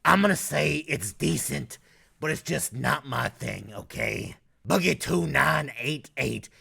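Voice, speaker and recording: A man's voice: on the high side, lively intonation, a little slow, gravelly, sharp tone, breathy edge. A man from North Carolina with a Southern accent, giving casual, blunt and profane ranking commentary as a YouTuber.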